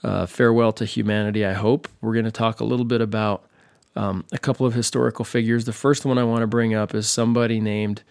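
A man's voice: on the low side, flat delivery, quick pace, creaky, no room sound, clean studio sound. A man hosting a podcast, talking in a loose, rambling monologue with a wry, sarcastic humor and lots of restarts. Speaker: podcast host.

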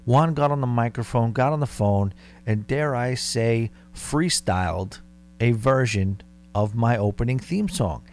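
A man's voice: mid-range voice, animated, unhurried. Male podcast host, 30s, Long Island accent, chatty storyteller, light background hum. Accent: Long Island New York. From Long Island, New York. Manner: rambling, conversational, dare-I-say asides. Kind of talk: casual storytelling.

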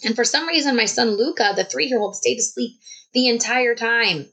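A woman, telling a personal story in a casual, animated vlog style. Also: fairly high pitch, normal speed, slightly rough, low-quality recording. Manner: chatty, animated, many "like"s. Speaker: vlogger.

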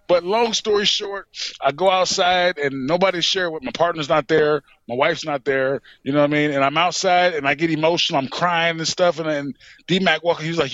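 Wrestler dude hyped up telling ring stories, kinda high voice, dull lo-fi sound. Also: male voice, a little fast, no echo. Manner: excited, repeats "you know what I'm saying". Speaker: pro wrestler guest. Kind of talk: animated storytelling in a podcast interview.

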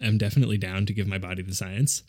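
A man's voice: sits low, fairly even intonation, very fast, noisy background. A man telling a rambling anecdote in a casual chat, often laughing as he goes. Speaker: podcast co-host.

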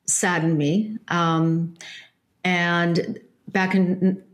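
A woman telling a personal story in an earnest, halting way, with fillers and restarts. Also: lowish voice. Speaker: guest. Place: Laguna Beach area.

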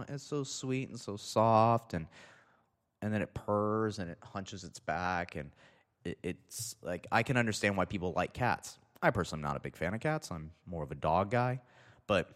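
With a voice on the low side and a bit bright, a young storyteller delivers a meandering, foul-mouthed funny story. He frequently interrupts himself mid-sentence, all heard through a long reverb.

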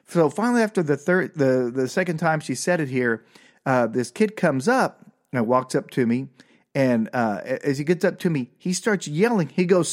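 Animated older man telling a story. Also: fairly high pitch, a little fast. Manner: animated, self-mocking, with exasperated outbursts. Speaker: podcast host. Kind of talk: comic storytelling monologue.

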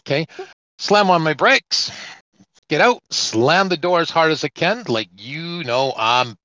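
Animated storytelling trucker man. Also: on the high side, unhurried, dry recording, highs cut off. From Canada. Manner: animated anecdotal storytelling, acting out quoted exchanges. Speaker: truck driver and podcast host. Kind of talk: casual storytelling chat.

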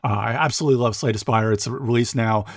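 A man's voice: medium pitch, fast, no room sound, studio quality. A man hosting a podcast, giving a casual, enthusiastic roundup of game news with many fillers. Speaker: podcast host covering board games.

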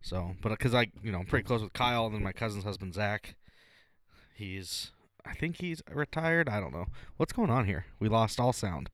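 A man's voice: fairly low pitch, normal speed, no room sound. A man co-hosting a casual beer-tasting podcast, swearing and joking as he tells stories. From Nebraska, USA. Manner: profane, joking, animated storytelling. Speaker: podcast co-host.

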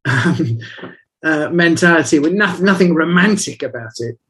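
Reflective man with a higher voice. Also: animated, normal speed, fairly bright tone, a little hiss or hum. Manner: reflective, rambling storyteller. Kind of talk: casual chat.

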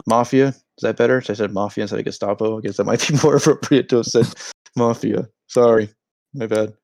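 A young man hosting a casual sports podcast, joking and telling rambling stories in an animated way. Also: on the low side, a little fast, dry recording, clean studio sound. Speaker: podcast host. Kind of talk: casual hockey podcast banter.

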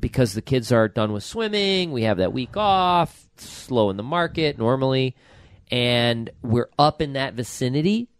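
A man in his forties hosting a podcast in casual chat, an excitable, rambling storyteller. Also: mid-range voice, dry recording. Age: 40s. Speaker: podcast host.

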